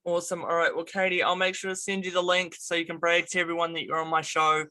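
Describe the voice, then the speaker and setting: A man's voice: a little high, flat delivery, quick pace, bright, forceful tone. A man hosting a casual interview show, chatting in an upbeat, encouraging way and drawing out his phrases. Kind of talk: casual video interview chat.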